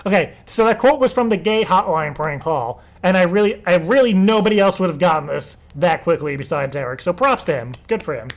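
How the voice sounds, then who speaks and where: Young male streamer, slightly higher voice, casual rambling chat full of swearing. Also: lively intonation, moderate pace. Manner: rambling, laughing and swearing freely. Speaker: live show host.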